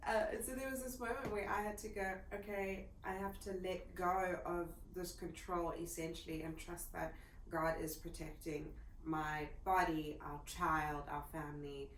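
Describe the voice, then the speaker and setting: Low-voiced woman in an echoey room. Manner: relaxed, laughing often, with filler pauses. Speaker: co-host. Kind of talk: casual storytelling chat. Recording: echoey room with faint noise.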